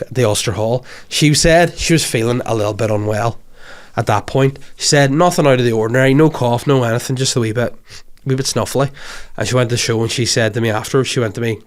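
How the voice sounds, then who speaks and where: A Northern Irish comedian in his thirties hosts his own podcast. He spins long, animated stories peppered with swearing. His voice sits in an ordinary middle register. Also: mid-range voice. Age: 30s. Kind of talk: comic storytelling monologue.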